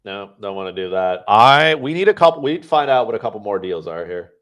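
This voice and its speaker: A man's voice: lowish voice, very animated, fast, a bit bright. A male podcast host thinking aloud on a live stream, playing a trivia game and talking to his chat. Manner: talks to chat.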